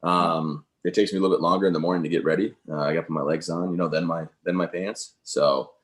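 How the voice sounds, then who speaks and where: A man with a very low, deep voice talks casually in an interview. He is upbeat and rambles, full of "you know" and "um." He speaks like he is telling his own story to a friend. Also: fairly even intonation, quick pace, fairly bright tone. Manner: upbeat, rambling, many fillers. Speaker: interview guest, veteran speaker.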